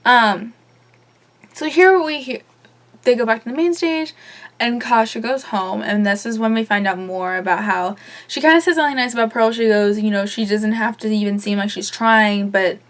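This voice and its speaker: Young woman, slightly high voice, casual chatty reviewer with strong opinions. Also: normal speed. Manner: chatty and opinionated, lots of fillers and swearing. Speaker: vlogger reviewing a TV episode. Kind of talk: casual chat.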